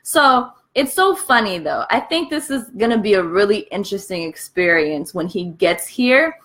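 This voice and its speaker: A young American woman vlogging casually, telling her story in a candid, profane, animated way while eating between sentences. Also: mid-range voice, moderate pace. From United States. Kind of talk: casual vlog chat.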